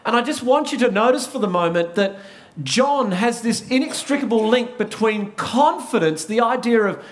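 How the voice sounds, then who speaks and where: A man's voice: extremely high pitch, expressive, moderate pace. A man with an Australian accent preaching a sermon, telling a story earnestly and sometimes restarting his words. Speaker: pastor.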